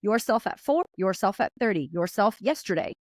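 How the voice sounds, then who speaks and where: A woman guest on a podcast, talking fast and acting out her own inner voice as she tells stories. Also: medium pitch, lively intonation, dry recording, clean studio sound. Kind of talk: animated conversational storytelling.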